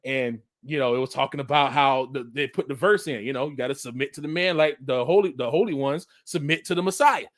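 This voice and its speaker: A man giving a casual religious commentary monologue, animated and slangy, often breaking into laughter. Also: medium pitch, a little fast, few pauses. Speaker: vlogger.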